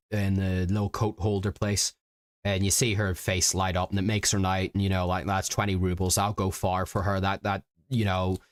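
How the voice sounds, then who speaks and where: A man from Britain chats on a stream in a low, smooth voice. He rambles along with plenty of fillers and false starts. The recording is close and dry. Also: dry recording. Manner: rambling, halting, full of fillers and restarts. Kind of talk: casual storytelling chat.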